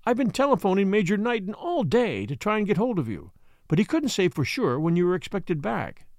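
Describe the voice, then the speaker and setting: A headstrong young heiress in an audiobook, pleading and indignant by turns, put on by a man reading. Her voice sits high and swings widely. It sounds close and dry. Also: big pitch swings, a little fast, darkish tone, no room sound. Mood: delighted. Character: young wealthy woman, headstrong and upset.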